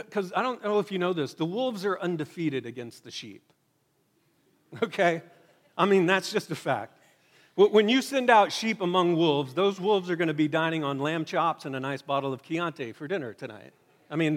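Conversational pastor preaching in a reverberant hall. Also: male voice, fairly high pitch. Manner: conversational, emphatic, with wry asides. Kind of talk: sermon. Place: church hall before a congregation.

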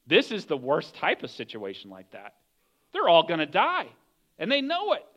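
A male pastor delivering a sermon in a high, lively voice with a bright edge. He tells the story animatedly, slipping into the voices of its characters. The recording sounds somewhat dull and lo-fi. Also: moderate pace.

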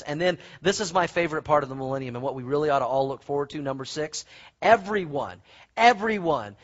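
High-voiced, husky preacher. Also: male voice, highs cut off. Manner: animated, folksy storytelling with asides. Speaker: pastor. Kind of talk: sermon.

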